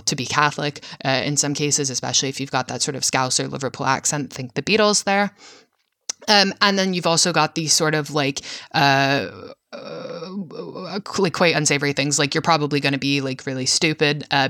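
Bright, dry-sounding podcast host. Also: mid-range voice, no echo. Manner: hesitant, many filler sounds, frank with casual swearing. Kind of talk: solo film-analysis podcast monologue.

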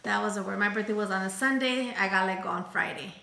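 Woman storyteller, gravelly edge, casual and expressive, switches languages freely, roomy sound. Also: mid-range voice, fast talker. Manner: switches between English and Spanish mid-sentence; acts out quoted voices, turns emotional.

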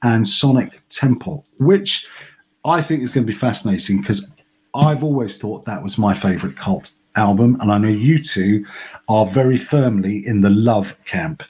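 A man's voice: fairly low pitch, moderate pace, darkish tone. A man hosting a music podcast, chatting casually and joking with a bit of swearing. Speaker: podcast host.

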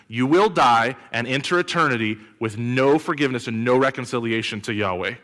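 A man preaching a sermon as pastor, animated and full of rhetorical questions, with sudden loud bursts. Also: medium pitch, fairly quick. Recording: long hall reverb.

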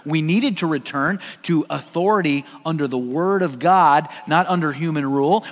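High-voiced American pastor preaching. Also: male voice, fairly bright tone, in a large hall. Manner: conversational, joking, emphatic. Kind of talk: sermon. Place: church sanctuary.

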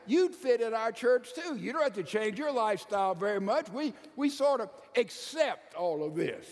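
A man with a high voice delivers an emphatic church sermon. He swings between loud, quick bursts and slow, hushed stretches. A long reverb trails his words through the hall. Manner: emphatic preacher with wide swings in loudness and pace. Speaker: pastor.

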